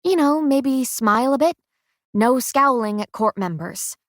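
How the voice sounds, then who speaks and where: A woman's voice: high-pitched, expressive, moderate pace, dry recording, studio quality, voice pushed up. A woman voicing a shy, hesitant young maid who speaks in a timid, faltering way in an audiobook. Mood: coaxing.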